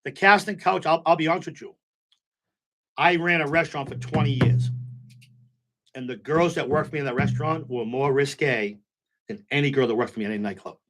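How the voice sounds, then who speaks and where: A man's voice: mid-range voice, brisk, pauses often, slight background noise. Middle-aged man, nightclub owner guest, chatty storyteller who does the voices in his anecdotes. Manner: animated storyteller, acts out quotes, repeats "you know what I'm saying". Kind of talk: casual storytelling interview.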